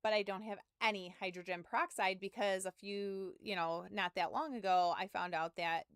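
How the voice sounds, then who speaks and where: A woman in her thirties tells a long, rambling story to her stream chat, with a filler word every few words and the odd curse. Her voice is smooth and clear. The sound is dry, close to the mic, with no room in it. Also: medium pitch, steady tone, normal speed, fairly bright tone, no room sound. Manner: rambling, full of "like", swearing, self-mocking.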